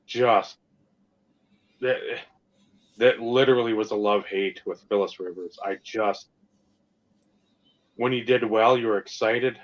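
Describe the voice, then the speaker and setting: This podcast co-host has a lowish voice and takes his time, leaving long pauses as he chats casually about sports and hobbies. He gets animated and rants with lots of profanity, and the lo-fi recording sounds slightly dull.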